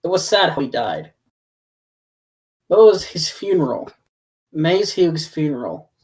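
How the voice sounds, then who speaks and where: A woman's voice: sits low, very animated, unhurried, a little mellow. A woman guest on a podcast recounting a moving scene in a heartfelt, emotional way. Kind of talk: casual chat.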